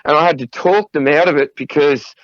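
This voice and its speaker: A middle-aged man recounts wild tour stories, swearing freely and laughing, his voice sitting a little higher than most men's. The sound is dry and close, with a dull, muffled lo-fi edge. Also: fairly quick, no echo. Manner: profane, laughing anecdotes. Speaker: podcast guest, drummer. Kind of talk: casual storytelling interview.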